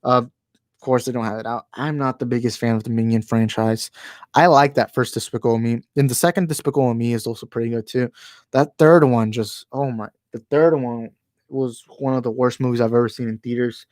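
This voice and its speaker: A man's voice: mid-range voice, fairly even intonation, fairly quick, darkish tone, dry recording. A man hosting a casual live-stream chat at home into a handheld microphone. He rambles, stumbles over words, restarts often and keeps apologizing for his opinions. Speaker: channel host. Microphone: handheld microphone moved closer while talking.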